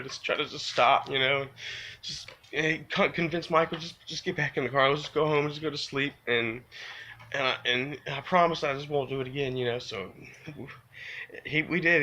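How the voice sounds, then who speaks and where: A vlogger tells a confessional personal story to camera in a bright, forward voice, rambling and circling back about something he regrets. Every pause gets filled with "you know" and "man," and when remorse surfaces his pitch climbs and his voice strains.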